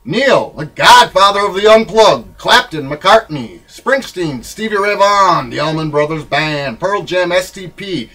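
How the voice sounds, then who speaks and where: A man reading his own memoir in a rambling, wry, irreverent way, swinging between loud bursts and low mutters. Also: expressive, a little slow, hardly any pauses, poor audio. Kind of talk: spoken-word memoir reading.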